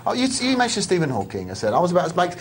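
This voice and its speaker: Lively man in jokey banter. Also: sits high, rapid-fire, slight background noise. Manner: jokey, rambling, mock-indignant. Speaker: co-presenter of a live poker show. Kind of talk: live TV studio banter.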